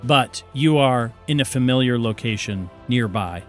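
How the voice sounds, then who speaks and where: A man's voice: mid-range voice, expressive, faint music behind. A man acting as game master, narrating the scene and calling for dice rolls. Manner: brisk, playful narration.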